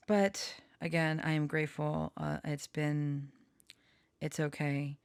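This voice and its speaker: Slow low-voiced woman, gravelly. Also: flat delivery, a little mellow, dry recording. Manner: slow, halting, with many pauses and fillers. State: short on sleep. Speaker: tarot reader and storyteller. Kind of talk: personal reflective vlog talk.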